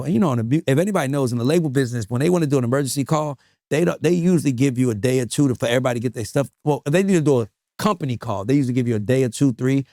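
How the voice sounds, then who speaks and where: A man being interviewed, telling stories in an emphatic, animated, profane way. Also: mid-range voice, dry recording, studio quality. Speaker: music manager guest. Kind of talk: casual interview storytelling.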